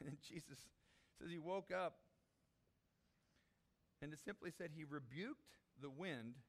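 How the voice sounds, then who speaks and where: A man's voice: on the high side, a little slow. A man preaching a sermon, acting out the disciples' pleas in a raised voice. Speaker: pastor.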